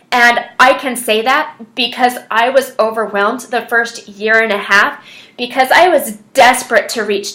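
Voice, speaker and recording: A woman's voice: a little high, fairly bright tone. A woman telling her personal story as a fitness coach, earnest and chatty with lots of fillers. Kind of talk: personal story, casual monologue.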